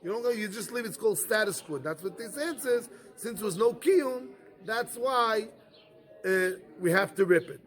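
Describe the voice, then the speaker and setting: A man's voice: high voice, lively intonation, moderate pace, a bit bright. A man, a rabbi giving a yeshiva Talmud lecture, who keeps asking rhetorical questions and often repeats and restarts his phrases. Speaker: rabbi teaching a Talmud class.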